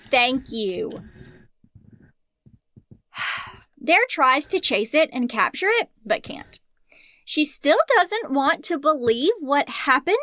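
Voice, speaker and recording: A woman's voice: high-pitched, fairly bright tone, no echo. A woman co-hosting a casual book podcast, chatty and joking, laughing often and swearing now and then. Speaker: podcast co-host.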